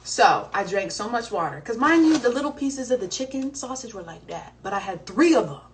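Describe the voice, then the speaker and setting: A young woman from the American South telling a story in a casual, animated and dramatic way. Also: fairly high pitch, fairly quick. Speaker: singer on a livestream. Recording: distant mic, faint background noise.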